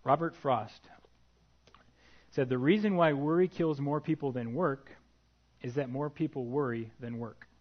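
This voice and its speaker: Male preacher, mid-pitched, earnest sermon delivery, dull lo-fi recording. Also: a little slow, pauses often. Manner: earnest, reads scripture aloud, light asides.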